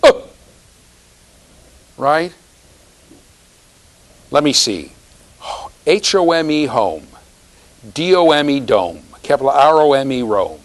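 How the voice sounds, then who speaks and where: Lively, teasing male lecturer. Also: medium pitch, slow, long pauses, low-quality recording. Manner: animated, teasing, keeps checking in with "right?". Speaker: university lecturer. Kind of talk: classroom lecture. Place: lecture classroom.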